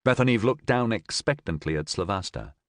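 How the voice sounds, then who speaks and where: A man reading a science fiction audiobook as narrator, in an expressive, even-paced style on a close mic. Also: on the low side, brisk, dry recording. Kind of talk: scripted narration.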